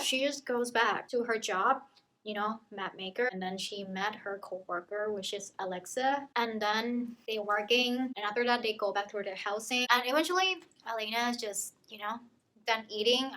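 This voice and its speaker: A woman's voice: on the high side, fairly bright tone, low-quality recording. A young woman giving a casual book summary in a chaotic, chatty, profane way. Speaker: book vlogger.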